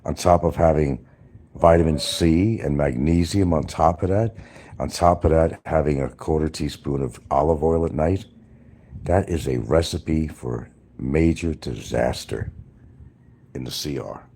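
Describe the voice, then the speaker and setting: A man's voice: extremely low pitch, measured pace, mellow, slightly rough. A man from New York rambling casually to his livestream viewers, chatting straight to them.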